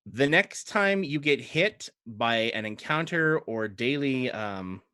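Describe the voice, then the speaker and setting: A man narrating as game master, rambling and relaxed, with many fillers. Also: mid-range voice, takes it slowly, clean tone, dry recording, studio quality.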